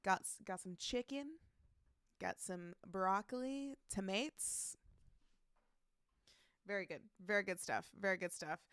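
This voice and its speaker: A woman's voice: medium pitch, animated, a little slow, pauses often, a bit bright, clean tone, no room sound. A woman streaming live, chatting casually, reading out chat messages and greeting viewers by name, laughing often.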